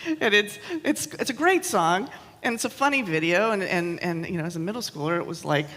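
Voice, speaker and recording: Minister, woman in her 30s, bright tense tone, chatty self-mocking sermon in a reverberant church hall. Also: medium pitch, animated, brisk. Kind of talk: sermon with personal stories.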